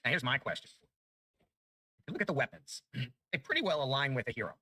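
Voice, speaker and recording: A man giving chatty, excitable commentary over his own gameplay, jumping up in pitch when good loot drops. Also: fast talker, no echo, poor audio. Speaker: gaming YouTuber. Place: home room.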